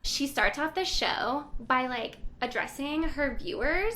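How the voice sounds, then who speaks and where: High bright chatty young woman. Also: measured pace, few pauses. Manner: animated storyteller, acts out characters' lines, many "like" fillers. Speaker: book podcast co-host. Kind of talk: casual book recap chat.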